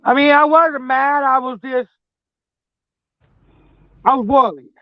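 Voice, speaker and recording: A woman's voice: high-pitched, slow pace, no echo, muffled recording. A mother chatting casually about her children, rambling, swearing freely and often tossing in "man". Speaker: mother telling personal stories. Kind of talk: casual storytelling chat.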